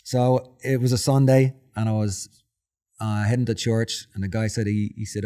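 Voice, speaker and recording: A man's voice: medium pitch, fast talker. A man in his forties with a Dublin Irish accent, a podcast guest telling stories in a casual interview and acting out his own quotes with feeling. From Ireland. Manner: emotional, animated storyteller who acts out his own quotes.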